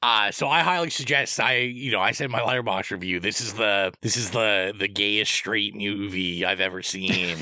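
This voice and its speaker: A man's voice: fairly low pitch, fairly even intonation, moderate pace, few pauses, sharp tone, no echo. A man co-hosting a podcast, giving rambling, opinionated movie recommendations in casual chat. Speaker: podcast co-host.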